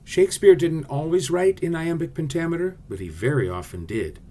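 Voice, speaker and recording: A man's voice: a little high, expressive, a little fast, mellow. A male theatre teacher giving a friendly class video lesson, explaining directly to his students.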